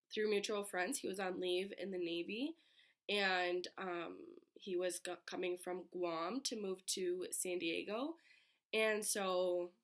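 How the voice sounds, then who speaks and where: A young woman from Michigan, raspy from being sick, chatting casually on her bedroom floor into a laptop. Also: on the low side, a bit bright. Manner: chatty, many filler "like"s. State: getting over being sick. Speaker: vlogger. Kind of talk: casual chat.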